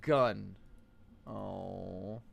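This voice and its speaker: A man's voice: deep voice, fairly even intonation, extremely slow, gravelly. A man streaming live, joking and cursing while reading game text aloud and commenting on his play. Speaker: streamer playing a horror game.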